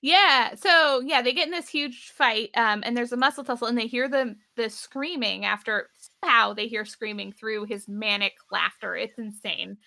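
A woman co-hosting a podcast, recapping a TV episode in casual chat, animated, swearing and laughing often. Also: on the high side, moderate pace, creaky, few pauses, no room sound. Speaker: podcast co-host.

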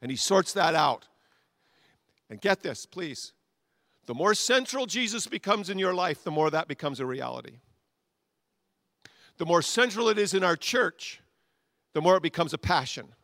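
Bright-voiced male pastor preaching. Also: high-pitched, moderate pace, pauses often, no room sound, studio quality. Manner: animated, interacts with congregation. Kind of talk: sermon. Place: church.

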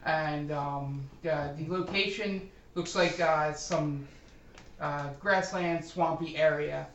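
Guy running a tabletop game, lots of ums, kinda high voice, roomy echo from far off. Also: fairly even intonation, slow pace, fairly bright tone, muffled recording, slight background noise. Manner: hesitant, many ums while describing scenes. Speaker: game master.

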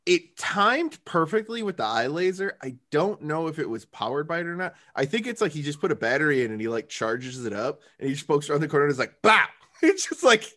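Podcast dude, super animated voice, jumps all over the place, jokes around and does bits from the show. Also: male voice, a little high, brisk, hardly any pauses. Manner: animated, jokey, acts out lines from the show. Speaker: podcast co-host. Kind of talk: casual chat recapping a TV episode.

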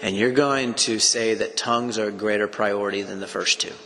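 A man's voice: lowish voice, steady tone, fairly quick, vocal fry, bright, forceful tone. A man preaching a sermon as pastor, earnest and conversational, often restarting his sentences. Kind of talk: sermon teaching. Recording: long echoing reverb with faint room noise.

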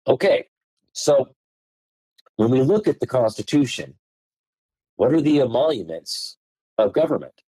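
A man's voice: mid-range voice, very animated, a little slow, pauses often, warm tone, breathy edge, no echo, low-quality recording. A man as a podcast guest, explaining legal texts and reading them aloud, stressing key words with marked tone changes. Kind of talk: explaining law in a podcast conversation.

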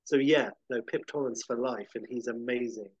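A man's voice: mid-range voice, moderate pace, a little mellow, breathy edge, dry recording, highs cut off. A man co-hosting a podcast, chatting casually in a thoughtful, hesitant way. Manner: thoughtful, hesitant, with many ums. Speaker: podcast co-host. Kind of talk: casual chat.

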